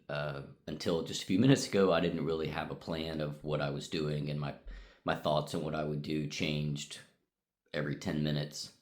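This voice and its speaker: A middle-aged man with an extremely deep voice talks casually from a hotel room. He rambles through his thoughts with plenty of ums and uhs, and his pitch stays flat and level. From United States. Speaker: vlogger. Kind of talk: casual vlog recap.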